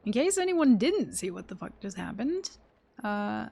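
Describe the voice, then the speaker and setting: A woman streamer chatting with her live audience while gaming, excitable and full of swearing. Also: mid-range voice, normal speed, gravelly, breathy edge. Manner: profane, excitable, talks to chat. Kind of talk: live game stream chat.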